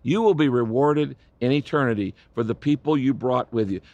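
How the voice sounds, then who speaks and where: Passionate older pastor preaching. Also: male voice, medium pitch, normal speed, darkish tone, dry recording, muffled recording. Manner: passionate, swells in volume and pleads. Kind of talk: sermon.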